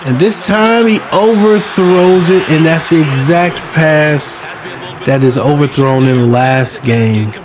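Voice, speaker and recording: Slow-talking man narrating his football game. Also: a little high. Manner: relaxed, chatty, self-mocking with sudden excited outbursts. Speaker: podcast host playing a football video game. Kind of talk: casual play-by-play commentary while gaming. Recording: game crowd noise behind the voice. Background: stadium crowd sound from the game.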